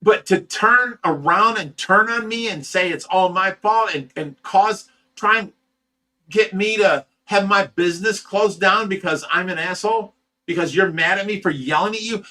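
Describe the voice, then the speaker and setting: A man's voice: high voice, normal speed, bright, forceful tone, slight background noise. A man who runs a fish rescue, telling a story on a livestream in a heated, profane way and stammering over repeated words. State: sleep-deprived.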